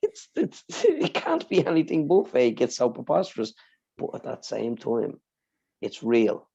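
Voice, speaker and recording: A man on a podcast telling an emotional personal story, swearing freely and speaking with deep feeling. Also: huge pitch swings, measured pace, vocal fry, warm tone, husky, dull audio. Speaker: podcast co-host.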